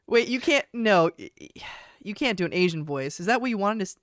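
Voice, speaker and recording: Guy hosting a roast stream, teasing, bouncy lively voice, dry sound. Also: sits high, brisk, no echo. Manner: teasing, animated, laughing. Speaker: livestream host.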